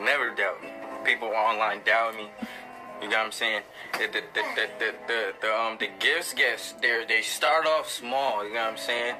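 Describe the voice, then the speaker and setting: A man's voice: on the low side, fairly even intonation, normal speed, music in the background. A man in a casual home video, laid-back and boastful, talking in slang while handing out gifts. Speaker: boyfriend giving birthday gifts.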